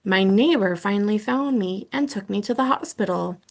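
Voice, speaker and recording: A woman voicing a kind, middle-aged female schoolteacher who gently explains things to her class. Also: medium pitch, normal speed, creaky. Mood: fond.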